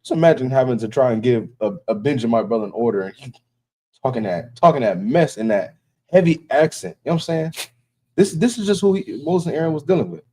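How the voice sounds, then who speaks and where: Fast-talking man preaching a warning. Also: medium pitch, expressive, mellow, husky. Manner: emphatic, warning tone, keeps asking "you know what I'm saying". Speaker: religious teacher. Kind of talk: preaching in casual talk.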